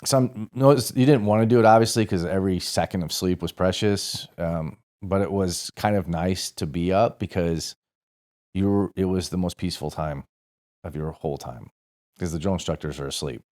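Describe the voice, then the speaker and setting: As a guest on a podcast, this forties-aged ex-Marine from St. Louis, USA rambles through a profane story in a casual way, fixing details as he goes. He speaks at a moderate pace in a deep, darkish voice.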